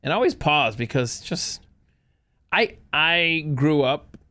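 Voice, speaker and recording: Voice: mid-range voice, animated, takes it slowly, pushed and bright. A podcast host interviewing a guest, joking playfully and laughing along. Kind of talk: casual interview chat.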